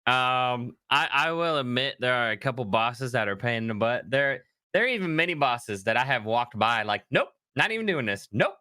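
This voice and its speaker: A man co-hosting a podcast, chatting casually about video games, animated and quick to laugh. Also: mid-range voice, clear, resonant tone, no room sound, studio quality. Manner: animated, laughs often, trails off. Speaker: podcast co-host. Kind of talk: casual gaming chat.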